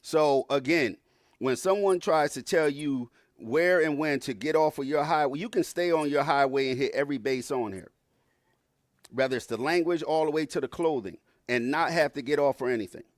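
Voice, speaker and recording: A man's voice: a little high, normal speed, no room sound, clean studio sound. A man on an online panel making a lecturing argument built on an extended analogy.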